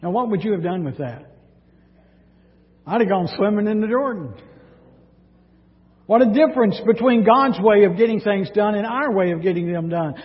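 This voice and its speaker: A man preaching a sermon, reading scripture dramatically and speaking in an animated way. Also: sits high, moderate pace, long pauses. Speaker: pastor. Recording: dull sound with long hall reverb.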